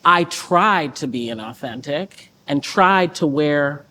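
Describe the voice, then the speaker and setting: A woman's voice: low voice, lively intonation, takes it slowly, sharp tone, slight background noise. A woman guest from the United States telling a personal story in an earnest, reflective way, repeating phrases for emphasis.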